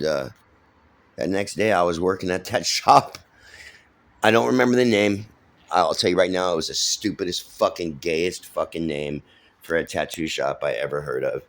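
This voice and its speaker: A middle-aged man from San Francisco, his voice pitched extremely low and a bit bright, rambles through his life story. His talk is casual and profane, full of fillers and restarts.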